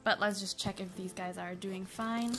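A woman's voice: mid-range voice, fairly even intonation, moderate pace. A sleep-deprived, exhausted woman vlogging an unboxing on her phone at home, chatty and a bit apologetic. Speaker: pet vlogger. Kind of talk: casual unboxing vlog. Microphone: phone camera.

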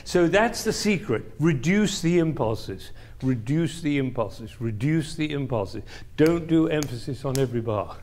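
A man's voice: a little high, expressive, unhurried, few pauses, a little mellow. An older man leading a music interpretation class, coaching a player and singing the phrases aloud in a playful, coaxing way. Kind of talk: masterclass coaching.

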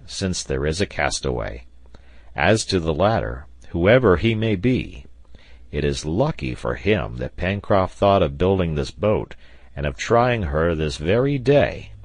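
A man voicing a thoughtful male companion in an audiobook, speaking in an even, considered way. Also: very deep voice, no echo, exaggerated voice. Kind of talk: audiobook character voice.

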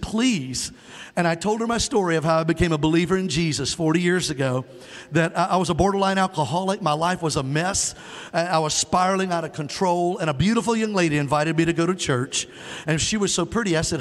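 An older man with a drawl preaches in a church, his fairly high voice trailing into a long hall reverb. He tells his story in a folksy way and keeps calling on the congregation to answer back. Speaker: guest preacher, evangelist. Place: church sanctuary.

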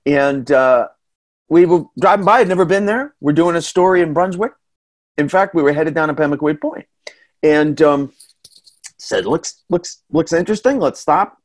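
A middle-aged man with a New England accent telling a folksy, chatty story in a casual talk, full of asides and quick questions to the listener. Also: a little high. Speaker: storytelling reporter and guest speaker.

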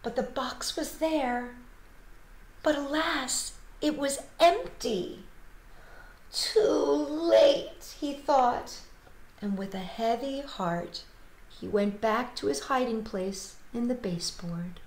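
A woman children's storyteller reading a picture book aloud, expressive and playful, talking to young viewers at home. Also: a little high, slow. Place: home, livestreamed. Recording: roomy home livestream audio.

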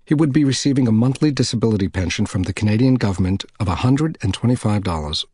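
A man reading a novel aloud in measured, deliberate narration. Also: on the low side, darkish tone, husky, dry recording, clean studio sound. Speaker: audiobook narrator. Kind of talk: scripted narration.

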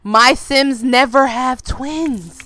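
A young woman giving casual gameplay commentary, excitable, with loud outbursts and slang aimed at her viewers. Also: sits high, extremely slow, dry recording, soft background music. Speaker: gaming video creator.

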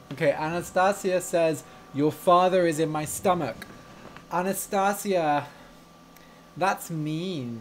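A man teaching English on a live stream, telling a story slowly and clearly, explaining words and asking viewers questions in a relaxed, chatty way. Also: a little high, a little hiss or hum.

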